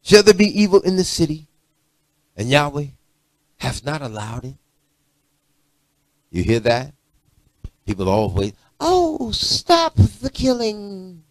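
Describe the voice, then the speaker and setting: A middle-aged man preaching a sermon, swinging from loud emphatic lines to low muttered asides. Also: measured pace, long pauses, no room sound. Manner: preachy, rising to shouts and dropping to low asides.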